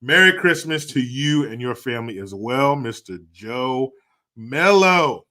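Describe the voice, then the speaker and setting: A man's voice: mid-range voice, lively intonation, unhurried, bright, forceful tone. A man hosting a livestream, joking crudely, laughing often and reading out viewer donations in casual commentary. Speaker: livestream host.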